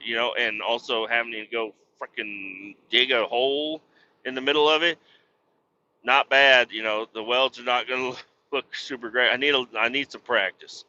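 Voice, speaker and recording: A man's voice: medium pitch, steady tone, moderate pace, bright, forceful tone, dull audio, slight background noise. A middle-aged man hosting a podcast, rambling casually, swearing a lot and laughing at himself. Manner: profane, self-deprecating, laughs often. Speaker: podcast host.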